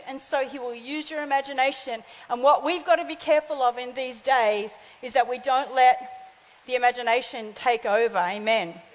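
A woman in her fifties preaching a sermon, telling stories and acting out the voices in them. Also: high voice. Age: 50s. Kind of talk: sermon with storytelling. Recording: long hall reverb.

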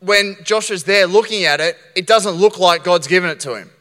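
A man preaching a lively sermon, acting out Bible scenes and restarting his sentences as he goes. His voice is bright and clear, and it rings out with the long reverb of a big church hall. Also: high-pitched, a little fast. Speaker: pastor.

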